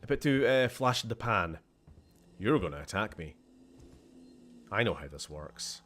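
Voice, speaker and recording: A man's voice: lowish voice, big pitch swings, a little slow, noisy background. A man with a Scottish accent giving casual, rambling let's-play commentary, laughing often and talking to the characters on screen. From Scotland. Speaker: gaming channel host.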